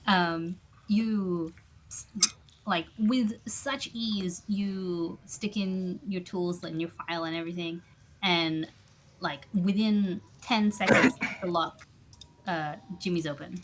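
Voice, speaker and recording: A woman's voice: fairly low pitch, steady tone, takes it slowly, background noise. A woman narrating as game master of a tabletop game, loose and enthusiastic.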